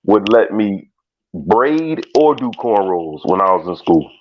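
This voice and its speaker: A male caller with a lower voice tells a story in an animated, profane way. His call comes through dull and lo-fi, with the top end cut off. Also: slow, slight background noise. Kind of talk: casual storytelling chat.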